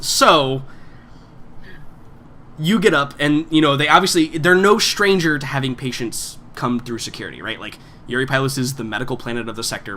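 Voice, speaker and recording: A man's voice: mid-range voice, a bit bright. A man narrating as game master of a tabletop game, rambling with lots of fillers. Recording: faint background noise.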